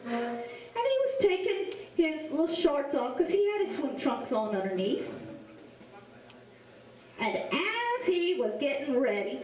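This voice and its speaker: A Cajun woman storyteller with a high, very lively voice, drawing her words out slowly as she performs for children. She is picked up from a distance in an echoey room. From south Louisiana. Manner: animated, drawn-out, asks the kids questions. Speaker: storyteller and face painter.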